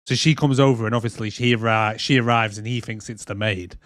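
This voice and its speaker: A man's voice: lowish voice, fairly even intonation, a little fast, a bit bright, no room sound, clean studio sound. A man, co-hosting a movie podcast and retelling scenes with laughter and swearing. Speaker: podcast co-host. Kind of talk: casual chat.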